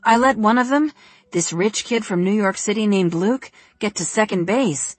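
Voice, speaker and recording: Audiobook part: woman doing a giddy, gossipy young girl, pitched up and chatty. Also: moderate pace, no room sound, lightly acted.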